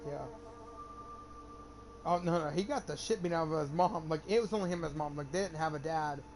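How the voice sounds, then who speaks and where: A man's voice: on the high side, brisk, music in the background. A young man streaming a game, telling a rambling, profane story in casual chat. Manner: rambling, profane, animated when quoting. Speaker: gamer streamer. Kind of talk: casual storytelling while gaming.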